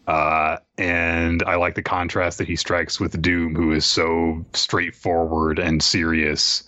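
A man with a very low yet bright-toned voice chats casually about a comic, adding laid-back, dry commentary. The sound is close and dry, with little room echo. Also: completely flat delivery, slow, dull audio. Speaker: podcast co-host. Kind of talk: casual chat.

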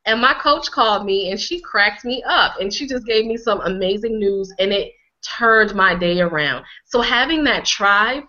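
A woman from Connecticut, a healing coach being interviewed, speaking emphatically and repeating phrases for effect, her voice a little hoarse from a cold. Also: mid-range voice, animated, moderate pace, hardly any pauses, sharp tone, dull audio. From Connecticut, USA. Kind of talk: conversational interview.

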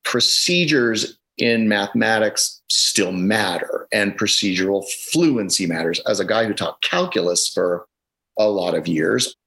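A middle-aged man talks over a video call with a somewhat low voice. He makes his points with emphasis and explains at length, like a consultant walking through his evidence. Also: expressive, unhurried, vocal fry, pushed and bright, rough recording. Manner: emphatic, data-focused, explanatory. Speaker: education consultant, podcast guest.

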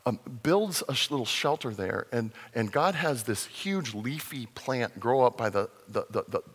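Pastor guy preaching casual-like, pitch jumping all over, big echoey church hall. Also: normal speed, slightly rough. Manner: conversational, animated, acts out voices in his retelling. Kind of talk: sermon.

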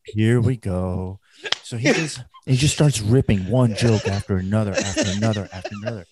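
A man's voice: on the low side, quick pace, a crowd in the background. A man who is a podcast guest, telling a long story in a rambling, filler-heavy way. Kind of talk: casual storytelling.

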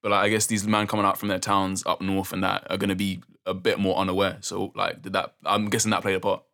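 A man's voice: deep voice, level tone, vocal fry, sharp tone. Slangy young London man asking questions. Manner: slangy, quick to ask follow-up questions. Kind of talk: casual chat.

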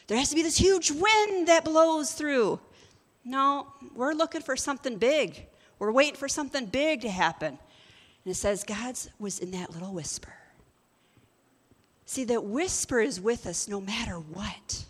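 A woman's voice: fairly high pitch, animated, measured pace, long reverb tail. A woman preaching a sermon, mixing scripture reading with casual, joking asides. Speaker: pastor.

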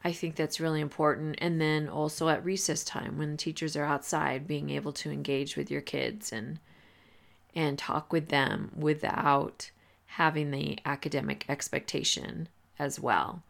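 A woman hosting a podcast, giving advice in a relaxed, conversational way with many fillers and restarts. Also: deep voice, moderate pace, gravelly. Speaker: podcast host. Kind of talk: casual advice talk.

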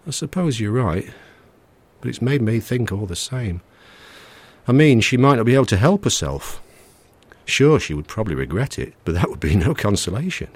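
A man's voice: lowish voice, very animated, moderate pace, slightly rough, voice pushed up, heavily acted. A man voicing a nervous middle-aged husband who talks in an anxious, fretful way. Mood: worried.

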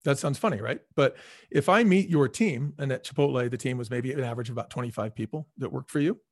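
A middle-aged man, a former restaurant executive, telling stories as an interview guest in an energetic, emphatic way. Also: medium pitch, fast, dry recording, clean studio sound. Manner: energetic, emphatic, acts out quoted people. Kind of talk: casual storytelling in a podcast interview.

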